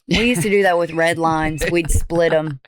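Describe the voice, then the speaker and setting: A young woman co-hosting a podcast in casual chat, easygoing and quick to laugh, with some casual swearing. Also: low-pitched, fairly even intonation, a little hiss or hum. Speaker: podcast co-host.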